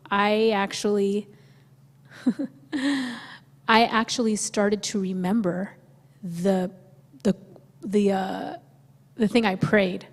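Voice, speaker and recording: Animated woman telling her story in a church. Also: medium pitch, very slow, pauses often. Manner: animated, laughing, acts out quoted thoughts. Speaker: guest speaker sharing testimony with husband. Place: church sanctuary. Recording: reverberant church sanctuary.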